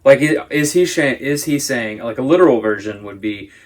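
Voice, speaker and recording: Man, mid-pitched voice, Sunday school teacher, thoughtful, casual discussion. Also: expressive, normal speed. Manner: thoughtful, explaining at length.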